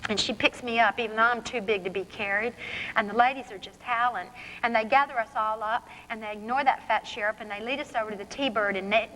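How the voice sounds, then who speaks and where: Woman author reading aloud, bright and fairly high, echoey college hall. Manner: vivid first-person storytelling. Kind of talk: reading her fiction aloud. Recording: reverberant hall, faint background noise.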